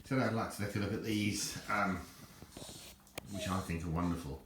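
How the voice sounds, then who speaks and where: A deep, low-pitched older man talks in a loose, rambling vlog style, often stumbling over and repeating his words. The sound bounces around a roomy, echoey space, with a faint hum in the background. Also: moderate pace, fairly bright tone. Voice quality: deep, self-described nappy voice. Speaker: collector showing items.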